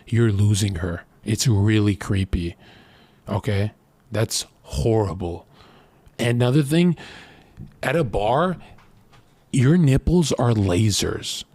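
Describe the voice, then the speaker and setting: A man's voice: on the low side, a little mellow, dry recording. Man, late twenties, brash and crude, rambling boastful streamer monologue, dry close sound. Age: late 20s. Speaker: streamer giving dating advice. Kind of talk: casual monologue.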